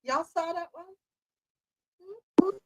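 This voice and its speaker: A woman's voice: extremely high pitch, extremely slow, bright, forceful tone, poor audio. A woman hosting a news talk podcast, reading segments with chatty asides. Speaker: podcast host.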